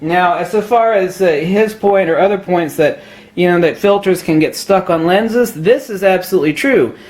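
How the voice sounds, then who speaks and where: A man's voice: high-pitched, normal speed, a little mellow. A man ranting about camera gear to the camera, lecturing emphatically, laughing at his own jokes and putting on a mock Australian accent. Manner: puts on a mock Australian accent, says mate a lot. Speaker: photography vlogger. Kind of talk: opinionated gear rant to camera.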